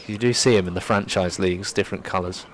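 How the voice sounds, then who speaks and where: A young man doing live cricket commentary from a commentary box, getting loud and excited at big moments. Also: fast, slight background noise. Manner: lively, rises sharply in pitch and volume at big moments. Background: faint crowd and ground ambience.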